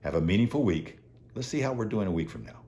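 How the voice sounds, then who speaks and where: A man's voice: lowish voice, big pitch swings, quick pace, warm tone. A man in his seventies giving an earnest, motivational talk to viewers as host, telling stories with animation. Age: 70s.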